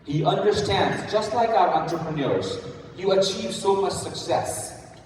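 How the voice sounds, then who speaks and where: A man's voice: high-pitched, a little slow. A man hosting an event and introducing a keynote speaker, speaking emphatically and repeating key phrases for effect. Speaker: event host. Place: large event hall. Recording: echoey hall, distant mic, faint noise.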